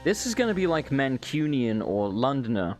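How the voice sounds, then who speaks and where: An Englishman with an English accent chats loosely over gameplay, joking and swearing as he goes. His voice swings up and down in pitch, and faint game music sits underneath him. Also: sing-song, moderate pace. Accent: English, self-described as unusual. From England. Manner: rambling, joking, sweary banter. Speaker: gameplay commentator. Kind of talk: casual let's play commentary.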